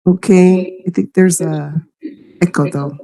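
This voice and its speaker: A woman's voice: fairly low pitch, fairly even intonation, warm tone, rough recording. A woman at a public meeting, running microphone tests and checking that others can hear her. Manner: unhurried, runs mic tests.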